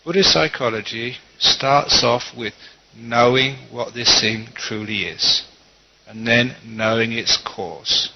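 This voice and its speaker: A middle-aged man, a Buddhist monk, giving a conversational dharma talk and teaching gently, with quoted asides. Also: mid-range voice, slow pace, slight background noise. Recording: dull lo-fi talk recording.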